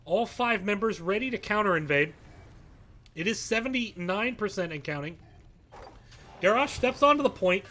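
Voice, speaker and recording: An esports caster delivers live play-by-play on a match in a high male voice, staying calm between plays and shouting excitedly when big fights break out. There's slight background noise.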